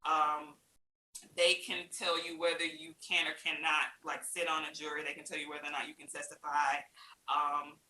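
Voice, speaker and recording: A woman guest telling her story in a casual interview, animated, acting out other people's lines and laughing often. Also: deep voice, moderate pace. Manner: laughs often while talking. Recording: roomy with faint hiss.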